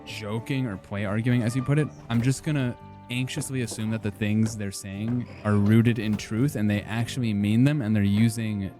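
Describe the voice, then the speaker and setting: A man's voice: fairly low pitch, steady tone, moderate pace, soft background music. A young man streaming a game and chatting casually with viewers, rambling with lots of fillers and self-deprecating asides. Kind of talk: casual gaming stream chat.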